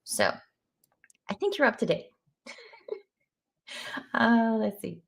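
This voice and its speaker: A woman's voice: a little high, very animated, takes it slowly, gravelly. A woman hosting a casual live stream of an AI text adventure, chatting loosely with lots of fillers and greeting viewers.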